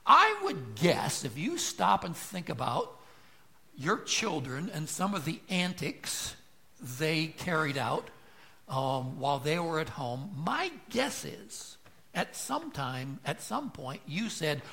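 Male pastor, bright forceful voice, slightly high, teaching sermon with questions to the room. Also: very animated, takes it slowly, creaky. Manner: expository preaching, rhetorical questions, voice jumps when quoting. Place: church.

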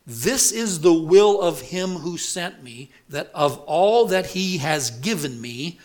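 Slow, deliberate male preacher. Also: a little high, lively intonation, darkish tone. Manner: deliberate, emphatic, asks the congregation rhetorical questions. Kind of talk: expository sermon.

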